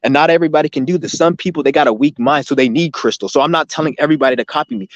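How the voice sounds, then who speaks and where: A man's voice: on the high side, very fast, hardly any pauses, no room sound, muffled recording. A man hosting a livestream, ranting in a rambling, profane, combative way from his computer mic. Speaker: livestream host. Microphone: laptop or computer mic, no headphones.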